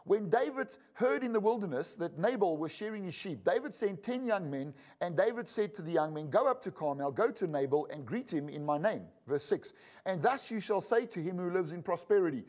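A man's voice: fairly high pitch, animated, fairly quick, a little mellow. A man preaching to a congregation, reading scripture aloud and breaking off into joking asides. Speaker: pastor and Bible school teacher.

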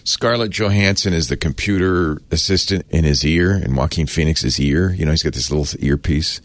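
A man's voice: rumbling low, moderate pace, no echo. A man hosting a casual explainer, talking in a chatty, wry way that often trails off and restarts. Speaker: host explaining a word of the day.

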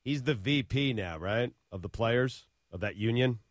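A man's voice: mid-range voice, lively intonation, measured pace, no echo, studio quality. A man co-hosting a sports radio show, answering dryly with short, laid-back replies and asking plain questions. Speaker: radio co-host and update reader. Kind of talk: sports talk radio banter.

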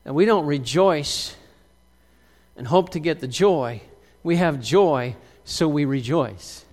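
A man preaching a sermon as pastor, emphatic, swinging from loud outbursts to quiet, drawn-out lines. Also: fairly high pitch, animated, big-room sound.

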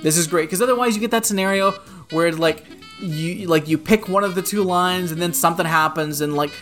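Co-host, mid pitch, foul-mouthed animated storyteller, casual podcast chat. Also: fairly quick, soft background music. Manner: profane, animated, peppered with "like".

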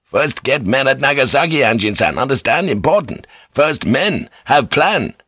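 A man's voice: medium pitch, big pitch swings, normal speed, a bit bright, breathy edge, no echo, studio quality, voice pushed up. A man doing a clipped, commanding samurai lord. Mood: insistent. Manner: clipped, commanding, broken phrases. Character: haughty male samurai lord, broken English.

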